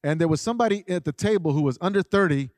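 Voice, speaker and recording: A middle-aged man giving a conversational parenting talk, animated, often acting out what parents and children say. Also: on the high side, very fast, no room sound. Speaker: parenting speaker.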